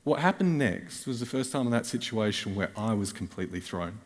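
A man with an Australian accent delivers a storytelling sermon, his voice sitting a bit low. He moves between earnest reflection and wry jokes at his own expense. A long reverb from a church hall trails every phrase. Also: fairly quick. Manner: animated storytelling with wry self-mocking asides. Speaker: guest preacher.

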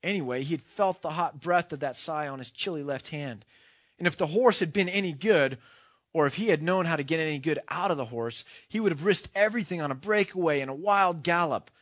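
A man's voice: fairly high pitch, brisk, fairly bright tone, no echo, studio quality. A man reading a storybook passage aloud, then speaking earnestly and reflectively in a sermon.

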